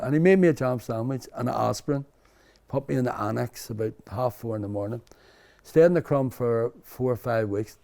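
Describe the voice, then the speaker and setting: A man's voice: mid-range voice, brisk, creaky, dark tone. An older man from Belfast with a Belfast accent, telling his story as an interview guest in a rambling, candid way. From Belfast, Northern Ireland. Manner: rambling, frequent restarts and "you know".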